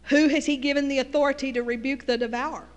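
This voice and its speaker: Southern texas lady preacher, middle-aged, chatty storytelling sermon, high pitched, echoey church hall. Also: fairly even intonation, quick pace. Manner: folksy storytelling with call-and-response asides.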